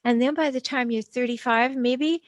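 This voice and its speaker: A woman's voice: high voice, steady tone, normal speed. A woman relationship expert being interviewed, explaining animatedly and acting out quoted voices.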